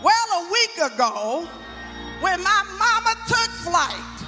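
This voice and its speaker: A man's voice: very high-pitched, very animated, slow pace, bright, forceful tone. A man giving a eulogy for his mother in a sing-song, chanted preaching cadence. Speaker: eulogist, son of the deceased. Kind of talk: sung whooping sermon over organ. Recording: live church with organ music. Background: church organ.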